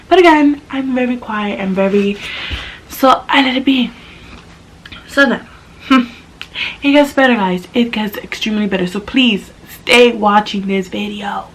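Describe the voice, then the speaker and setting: A woman's voice: moderate pace, a little hiss or hum, low-quality recording. Sassy young woman telling a story. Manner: animated, sassy, jumps into high-pitched quoted voices. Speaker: vlogger. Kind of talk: casual storytime chat.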